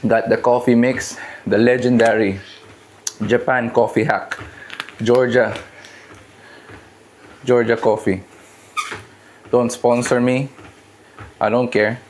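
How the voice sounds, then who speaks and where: A man's voice: medium pitch, little pitch movement, takes it slowly, pauses often, a little mellow, a little hiss or hum. A man hosting a casual fitness live stream from his home gym, talking in a loose, rambling and joking way. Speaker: fitness livestream host.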